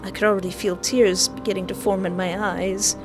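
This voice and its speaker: A woman's voice: medium pitch, flat delivery, fairly quick, music in the background. A woman reading a visual novel aloud, breaking into dramatic, jokey outbursts between the lines of narration. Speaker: gaming video creator.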